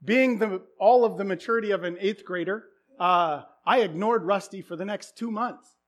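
A man's voice: sits high, normal speed. A man preaching a sermon through a self-deprecating personal story, casual and full of fillers.

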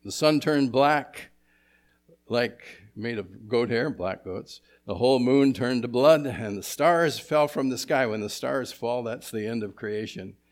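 Gravelly-voiced male preacher. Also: medium pitch. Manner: asks the congregation rhetorical questions; swings between emphatic and hushed delivery. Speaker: pastor. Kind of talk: expository sermon.

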